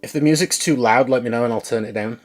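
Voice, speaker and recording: A man's voice: medium pitch, fast talker, soft background music. A man chatting casually on a live stream as he works, thinking aloud and talking to his viewers.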